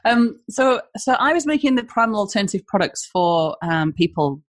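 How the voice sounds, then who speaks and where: A woman with a northeast English accent, a guest in a casual podcast interview, chatting in a lively way and jumping up in pitch when excited. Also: moderate pace, dry recording. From northeast England. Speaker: guest, small business owner.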